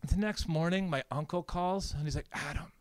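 A male pastor giving a conference breakout talk in an animated, conversational, storytelling way, with frequent "like" and "right?" asides. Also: a little high, normal speed, smooth, no echo.

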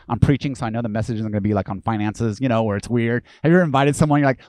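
A male pastor delivering a lively, conversational sermon, acting out the voices of people he quotes. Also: mid-range voice, rapid-fire, few pauses, dry recording.

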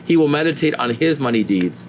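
A man preaching a sermon in an earnest way, his voice rising high when he voices pleading questions to God. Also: expressive, fairly quick, faint music behind.

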